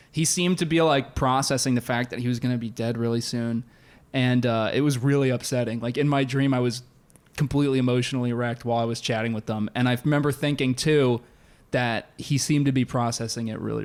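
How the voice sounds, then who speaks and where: Laughing, animated male podcast storyteller. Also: mid-range voice, a little fast. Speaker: podcast co-host. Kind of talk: casual chat.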